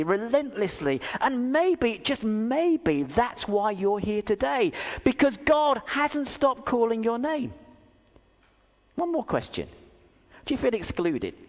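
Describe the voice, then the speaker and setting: A man preaching a sermon in a church, telling stories with self-deprecating humour and asking rhetorical questions. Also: high voice. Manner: animated storytelling with rhetorical questions. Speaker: pastor. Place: church hall. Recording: reverberant church hall.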